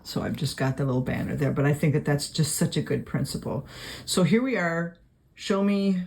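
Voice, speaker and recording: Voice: medium pitch, moderate pace, gravelly, darkish tone, slight background noise. Casual Bible study teacher reading verses. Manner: conversational, with many fillers, reading verses aloud and explaining them; writes notes while talking. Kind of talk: casual video Bible lesson.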